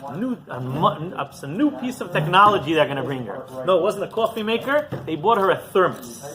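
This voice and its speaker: A man's voice: high voice, fairly quick, crowd noise, low-quality recording. A man, a rabbi, giving a Torah class and telling stories, often asking the audience rhetorical questions. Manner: animated storyteller, asks the audience rhetorical questions.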